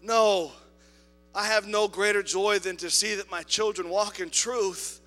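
A man preaching a sermon in a church, telling a story with quoted voices and swinging between loud appeals and soft asides. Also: sits high, steady tone, a little slow, long reverb tail, faint music behind. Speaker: pastor. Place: church sanctuary.

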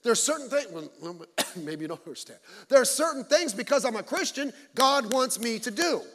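A man's voice: extremely high pitch, lively intonation, a little fast, fairly bright tone. A man pastor preaching a sermon to his congregation, blunt and joking, with mocking asides. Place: church sanctuary. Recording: long church hall reverb.

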